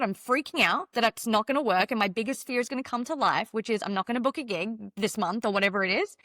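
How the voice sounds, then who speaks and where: A woman guest on a podcast interview, a mentor and former dancer, telling her story in an animated, emphatic way and acting out her own past thoughts. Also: a little high, no echo, studio quality.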